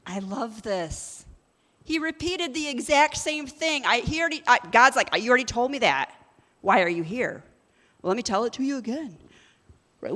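A woman's voice: high-pitched, fairly bright tone, big-room sound. Woman preaching with joking asides. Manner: casual, joking asides between scripture reading. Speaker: pastor. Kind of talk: sermon.

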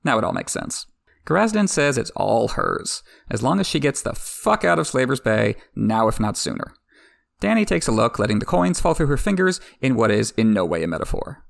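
A man's voice: medium pitch, big pitch swings, normal speed, gravelly, no room sound. A man recapping a fantasy book in a wry, irreverent way, swearing casually. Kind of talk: sarcastic story recap.

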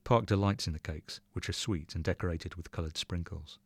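Deep-voiced man reading a story. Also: fairly quick, vocal fry, dry recording. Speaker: reader. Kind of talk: reading a short story aloud.

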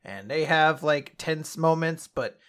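A man's voice: on the high side, lively intonation, takes it slowly, fairly bright tone, clear, resonant tone. A man casually recapping a manga chapter as a podcast co-host, rambling and laughing often.

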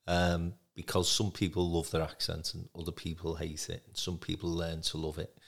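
A man's voice: deep voice, monotone, normal speed, vocal fry, slightly rough. A man hosting a podcast interview, talking in a chatty, encouraging way with plenty of fillers. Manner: warm, encouraging, rambling with fillers. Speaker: podcast host.

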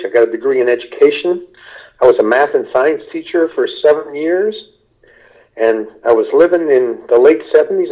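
An older man from Kentucky, a stand-up comedian being interviewed, telling unhurried anecdotes and mimicking people in quotes. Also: mid-range voice, dull audio. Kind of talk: relaxed storytelling interview.

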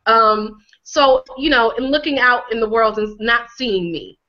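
A woman from Connecticut, a healing coach being interviewed, speaking emphatically and repeating phrases for effect, her voice a little hoarse from a cold. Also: on the high side, unhurried, bright, forceful tone, lo-fi sound. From Connecticut, USA. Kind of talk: conversational interview.

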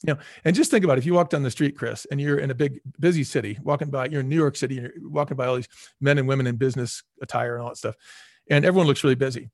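Here a former restaurant chain executive, middle-aged, speaks rapid-fire at medium pitch as a guest on a podcast. His storytelling is animated, complete with acted-out quoted voices, captured as a dry, clean studio recording.

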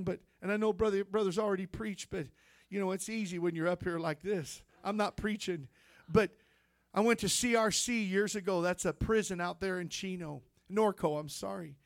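A male preacher tells his testimony with fervent, building energy. His voice sits high for a man. The sound is dry and close, with no room echo. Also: steady tone, a little fast, vocal fry. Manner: fervent storytelling, rising to shouts. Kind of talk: sermon testimony.

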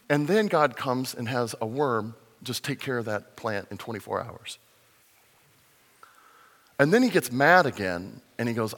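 A man preaching a conversational sermon as a pastor, animated and sometimes acting out the voices in the story. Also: medium pitch, normal speed, big-room sound. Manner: conversational, animated, acts out voices in his retelling.

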